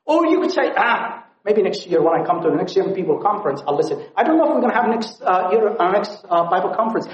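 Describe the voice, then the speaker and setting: A man preaching a sermon at a conference, pleading and impassioned, swinging from loud appeals to hushed tones. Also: high-pitched. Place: conference hall. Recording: echoey, dull lo-fi hall recording.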